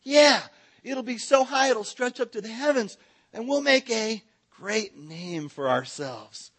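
An eager ancient builder pitches his grand tower plan to his neighbors like a friendly salesman, as a man puts him on in his own high, light voice. He is chummy and persuasive, always asking for agreement. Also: lively intonation, measured pace, a bit bright, breathy edge, full character voice.

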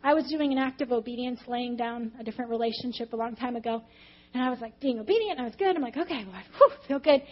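A woman's voice: fairly high pitch, quick pace, dull audio. A woman preaching a testimony-style sermon, telling her story with animation and acting out her own past reactions.

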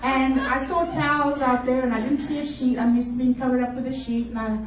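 A middle-aged woman telling a comic story to a luncheon crowd in a chatty, animated way, laughing as she goes. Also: sits high, fairly quick. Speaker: luncheon speaker. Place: conference luncheon hall. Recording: echoey hall from far off, room noise.

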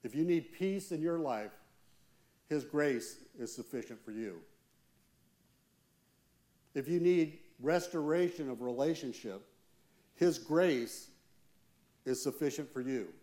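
A man, a church elder, preaching a sermon with earnest, slow, emphatic pauses. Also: fairly high pitch, animated, mellow.

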